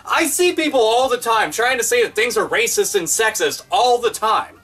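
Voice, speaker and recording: A man's voice: very high voice, moderate pace, few pauses, a bit bright, distant mic. A man ranting in online commentary, profane, sarcastic and exasperated.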